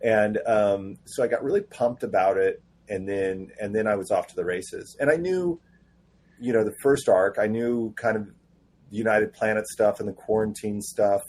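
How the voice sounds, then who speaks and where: Husky low-voiced man telling animated stories. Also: normal speed. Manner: animated storyteller, acts out quoted dialogue. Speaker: comic book writer guest. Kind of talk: casual podcast interview.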